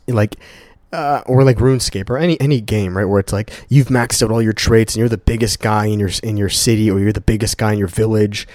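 Young male podcast host. Earnest, swears a lot, repeats himself for emphasis. Lowish voice, dry close sound. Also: steady tone, a little fast, a little mellow, no echo. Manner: speaks straight to listeners as "guys". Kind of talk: casual motivational solo podcast talk. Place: at home in a condo.

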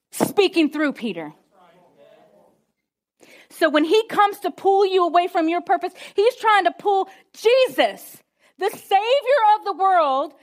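A woman preacher giving a conversational, emphatic sermon to students, with call-and-response. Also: very high-pitched.

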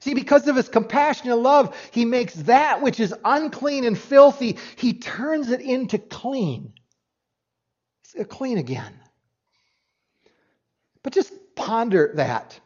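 High-voiced man preaching earnestly. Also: sing-song, slow, pauses often. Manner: earnest preaching, swings from loud emphasis to hushed tones; restarts with doubled words. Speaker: pastor. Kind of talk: sermon. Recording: dull lo-fi recording.

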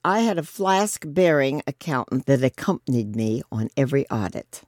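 A woman's voice: a bass voice, animated, moderate pace, a little mellow, soft background music. A woman telling a casual anecdote in a chatty, easygoing way.

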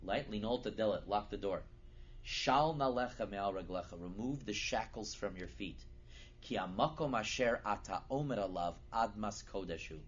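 A man giving a sermon as a lively storyteller who builds to loud, emphatic peaks. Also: on the low side, moderate pace, breathy edge. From United States. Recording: dull lo-fi recording with faint noise.

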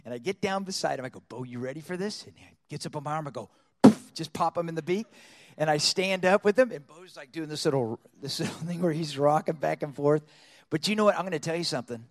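Male storyteller preacher, high pitch, lively and dramatic delivery. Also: quick pace, long reverb tail. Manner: animated storyteller acting out voices. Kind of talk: storytelling sermon.

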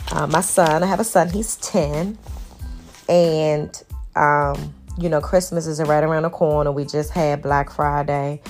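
A woman in her thirties with a lowish voice tells a family story and turns it into a faith lesson. Her delivery swings into a preacher-like cadence as she talks straight to her viewers, with soft music under her voice. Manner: lively, preacher-like storytelling, addresses viewers as y'all. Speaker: faith vlogger. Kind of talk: storytelling devotional talk.

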